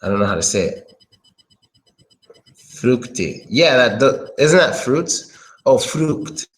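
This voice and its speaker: A man's voice: mid-range voice, lively intonation, unhurried, poor audio. A man giving a casual pronunciation lesson, thinking aloud and often hesitating. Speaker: English pronunciation tutor.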